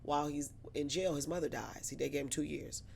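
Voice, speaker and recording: A woman guest telling a story in casual chat, animated and profane, acting out the people she quotes. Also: deep voice, a little fast, gravelly, a little hiss or hum.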